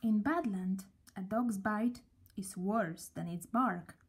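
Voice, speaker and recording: A woman reading a children's story aloud, gently and at a slow, storybook pace. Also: medium pitch, husky.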